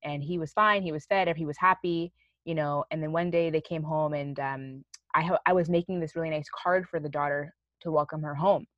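A young woman with a fairly low voice tells a story in a casual chat, animated and given to casual swearing. The recording is dull and dry, with no room sound. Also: brisk, no room sound. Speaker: guest telling a story.

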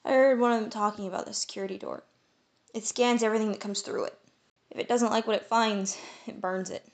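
A woman's voice: fairly even intonation, brisk, close to an everyday voice. A woman voicing a kind-hearted young male pixie in an audiobook, anxious and tearful. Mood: worried. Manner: high-pitched and tearful, anxious. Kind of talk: audiobook character voice.

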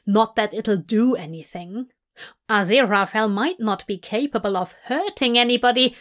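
A woman reading a fanfiction story aloud in slow, even storybook narration. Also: on the high side. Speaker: fanfiction reader.

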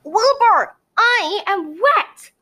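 A woman voicing an excitable young female unicorn who whines and urges the heroine on. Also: very high-pitched, takes it slowly, pitched above the performer's own voice, full character voice. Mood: whiny. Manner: dramatic, whiny, urgent whispers.

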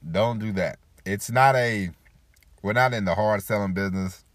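On this echo-free track, a podcast host with a lowish voice gives a casual motivational talk at moderate speed. He drifts around, says "you know" over and over, and voices the people he's quoting.

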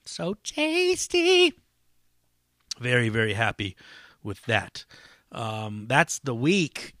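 A man's voice: lowish voice, slow, sharp tone, no echo, studio quality. A man hosting a solo podcast in a casual, rambling, profane way with lots of fillers. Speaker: podcast host.

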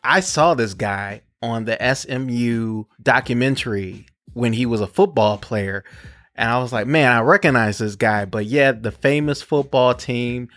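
A man's voice: mid-range voice, unhurried, no echo, studio quality. Laid-back slangy man hosting a podcast. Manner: animated, laughing, slangy. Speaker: podcast host. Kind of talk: casual chat.

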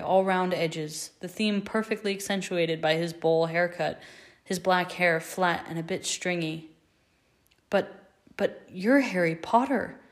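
A woman reads a story aloud in a measured, expressive way. Her voice sits on the low side, and her pacing stays steady. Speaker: fan fiction reader. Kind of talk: scripted storybook narration.

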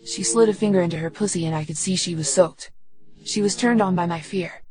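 A woman reads a first-person audiobook in a steady, unhurried way. Her voice sits on the low side, with faint music under it. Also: low-quality recording. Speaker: audiobook narrator.

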